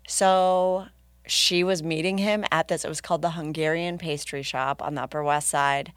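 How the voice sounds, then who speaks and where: A woman's voice: sits low, normal speed, clear, resonant tone, dry recording. A woman guest telling a casual story, laughing often and acting out what others said. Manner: animated, laughing, acts out other people's lines. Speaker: podcast guest.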